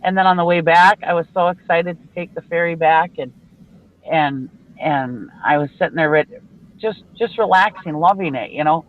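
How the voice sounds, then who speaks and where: On a video call, a Minnesota woman with a low voice chats bluntly at a normal speed, telling stories and laughing often. She's a regular on a live show, and the audio has a phone-like quality.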